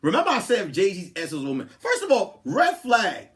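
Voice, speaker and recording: Young male comedian, podcast host, storytelling voice, lively and high-pitched, jumps between loud and hushed. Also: brisk. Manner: animated, swings from loud to hushed, acts out quotes. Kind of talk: comic storytelling.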